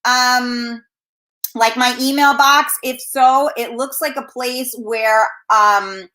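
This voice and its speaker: A brash woman hosting a live talk show, cursing freely and hyping up her viewers. Her voice is bright and forceful, a little high. She sounds fired up and talks in a casual way. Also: steady tone, slow pace, roomy sound, rough recording.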